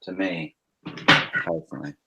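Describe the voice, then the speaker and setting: A man's voice: very deep voice, steady tone, measured pace, vocal fry, lo-fi sound, heavy background noise. A man hosting a casual group chat, joking and laughing often as he talks. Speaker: podcast host.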